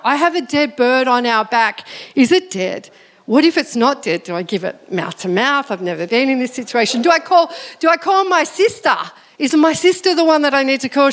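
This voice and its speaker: A middle-aged woman, telling a personal story in an animated, self-mocking way as part of her sermon. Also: sits high. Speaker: preacher.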